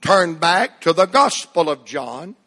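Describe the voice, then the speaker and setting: A man preaching a sermon as pastor, fervent, swinging from shouts to hushed drops and leading the congregation in reading aloud. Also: a little high, very animated, takes it slowly. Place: large church hall. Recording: long church-hall reverb.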